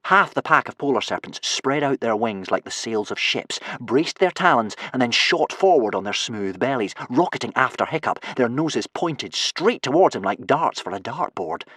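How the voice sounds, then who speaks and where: A man reading a children's adventure audiobook with expressive storytelling. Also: medium pitch, moderate pace, few pauses, no echo, studio quality. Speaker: audiobook narrator. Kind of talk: scripted narration.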